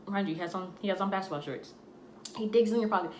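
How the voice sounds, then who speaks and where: A young woman telling a storytime tale in a casual, animated way, acting out the voices of the people in it. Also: medium pitch, fast. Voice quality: animated, acts out quoted voices. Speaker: storytime vlogger. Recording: echoey room, faint noise.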